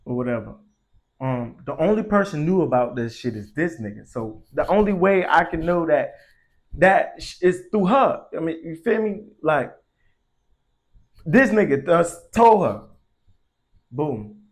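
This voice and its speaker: A man's voice: fairly high pitch, very animated, measured pace, pauses often. A young man telling a story casually, in slangy and profane speech that grows heated. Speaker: vlogger.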